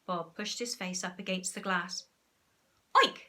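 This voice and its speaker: A woman teacher, reading a storybook aloud in an animated, expressive way. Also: on the low side, moderate pace.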